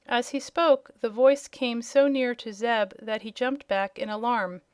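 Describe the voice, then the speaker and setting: A woman narrating a storybook in a clear, even read-aloud manner. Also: fairly high pitch, unhurried, dry recording. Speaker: audiobook reader.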